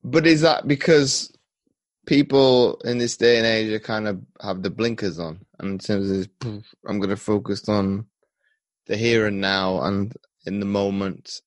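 Low-voiced male podcast host. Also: dry recording. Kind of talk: interview questions.

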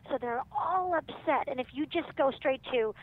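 A parenting author with a high-pitched voice chats casually at normal speed in an interview, animatedly acting out the words of parents and kids. It sounds like phone-line audio with faint noise.

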